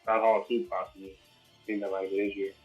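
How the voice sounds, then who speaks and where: Fast-talking man, dull lo-fi sound. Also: sits low, flat delivery, faint music behind. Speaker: podcast co-host. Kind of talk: casual wrestling podcast chat.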